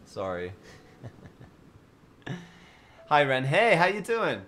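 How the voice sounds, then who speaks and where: Slow, lively Australian man chatting. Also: on the high side. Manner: playful, giggly and teasing. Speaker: livestream host. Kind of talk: casual livestream chat with viewers.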